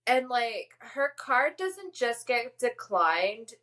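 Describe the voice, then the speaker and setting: Chatty woman with a higher voice. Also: sing-song, takes it slowly, sharp tone. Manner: chatty, enthusiastic, lots of filler words. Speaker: podcast co-host. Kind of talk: casual chat recapping a TV episode.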